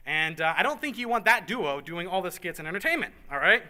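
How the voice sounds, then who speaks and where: A man's voice: sits high, expressive, sharp tone. A man organizing a church program, giving a casual, joking planning briefing to a room of volunteers. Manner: upbeat and joking, with fast asides and repeats. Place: meeting room with a group present.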